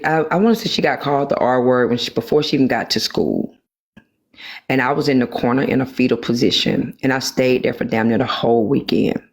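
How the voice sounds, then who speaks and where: A woman on a live stream talking candidly about her own experience, rambling with many pauses and restarts. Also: extremely low pitch. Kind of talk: personal storytelling in a live chat.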